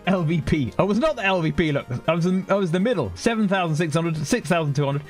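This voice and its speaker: Male streamer, dry sarcastic running commentary, slightly high voice, faint game music under. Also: lively intonation, fast talker. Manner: sarcastic, chatty, thinks aloud. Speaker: gaming streamer. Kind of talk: casual gameplay commentary.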